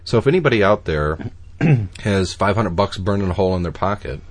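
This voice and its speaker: A man's voice: deep voice, expressive, brisk. A man hosting a podcast, chatting casually and laughing easily. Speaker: podcast host. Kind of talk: casual chat.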